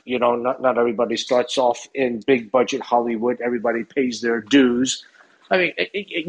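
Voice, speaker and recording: A man's voice: medium pitch, husky, low-quality recording. A middle-aged man hosting a casual conversation, leaning heavily on "you know".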